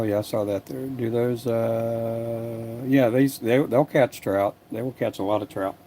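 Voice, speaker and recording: An older man making fishing lures in his workshop, chatting casually to a livestream audience in a soft, rambling way with frequent restarts. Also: fairly low pitch, slight background noise. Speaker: lure maker livestreaming. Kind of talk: casual livestream chat while working.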